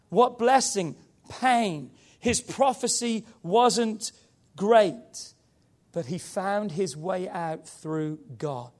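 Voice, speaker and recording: A man delivers a sermon in a high-pitched voice. He preaches with passion and builds up to loud, emphatic peaks. Between those peaks his delivery stays earnest and direct. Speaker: pastor.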